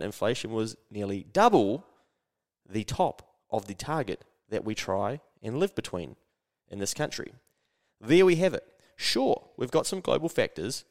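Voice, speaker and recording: A man with a New Zealand accent hosting a podcast, telling a story in a slangy, animated way and swearing casually. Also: medium pitch, long reverb tail. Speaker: podcast host.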